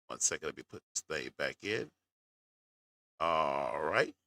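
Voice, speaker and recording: A man's voice: a bass voice, animated, unhurried, bright, forceful tone. A man hosting casual reaction commentary, talking folksy and straight to his viewers. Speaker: commentary host.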